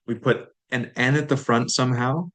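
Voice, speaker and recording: A man teaching a recorded language lesson, explaining grammar in a relaxed way and repeating words slowly for learners. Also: medium pitch.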